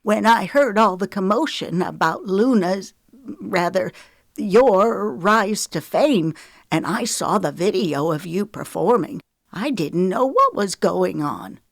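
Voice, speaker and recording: A woman's voice: medium pitch, lively intonation, takes it slowly, creaky, no echo, studio quality, heavily acted. A woman voicing a suspicious, demanding older grandmother with a drawl, speaking sharply in a raised voice. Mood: upset.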